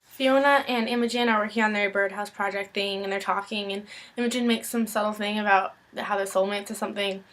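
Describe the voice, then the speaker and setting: A woman's voice: medium pitch, steady tone, a little fast, a bit bright, low-quality recording. A young woman recapping a TV episode in a loose, rambling vlog, full of fillers and casual swearing. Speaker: show recapper.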